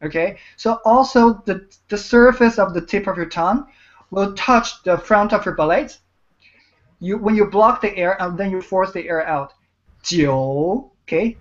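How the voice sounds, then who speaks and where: A woman's voice: medium pitch, moderate pace. Patient woman coaching tones, lo-fi call. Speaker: Chinese teacher. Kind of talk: online language mini-lesson. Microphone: video call. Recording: dull lo-fi video call audio.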